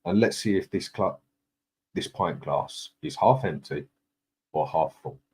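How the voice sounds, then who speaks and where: Deep-voiced man, live-stream host, matey and chatty, greets viewers by name. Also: animated, a little slow, mellow, breathy edge. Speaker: livestream host. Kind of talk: casual live chat, reading out viewer comments.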